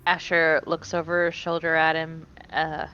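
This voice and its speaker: A woman's voice: sits low, completely flat delivery, unhurried, sharp tone. A woman playing a tabletop role-playing game, describing her character's actions in the third person. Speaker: player. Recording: dull, lo-fi sound with music behind.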